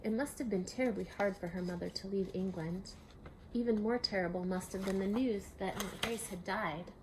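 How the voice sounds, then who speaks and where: Expressive woman reading a storybook aloud. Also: medium pitch, moderate pace, noisy background. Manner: expressive, with soft hushed asides.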